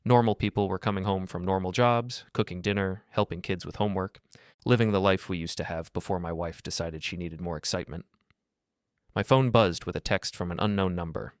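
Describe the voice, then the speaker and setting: Brief: low-voiced man, gruff story narrator, dry close sound. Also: fairly quick, dry recording. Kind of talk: scripted first-person story narration.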